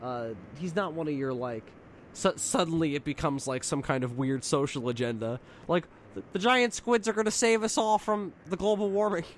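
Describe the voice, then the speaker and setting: A man's voice: on the high side, normal speed, slight background noise. Profane joking male podcast co-host. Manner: profane, jokey, laughs often. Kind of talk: casual podcast banter.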